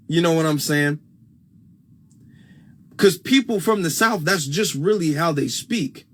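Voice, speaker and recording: A man's voice: a little high, a little slow, pauses often, a bit bright, husky. A man with a Midwestern US accent hosting a casual livestream on a phone, emphatic and repeating his points for stress. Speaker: livestream host.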